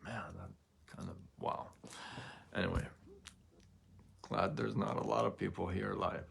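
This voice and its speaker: A man hosting a motivational livestream, talking earnestly and haltingly, often repeating words and checking that viewers follow him. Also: deep voice, fairly even intonation, gravelly, fairly bright tone, slight background noise. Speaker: livestream host. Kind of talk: emotional motivational livestream talk.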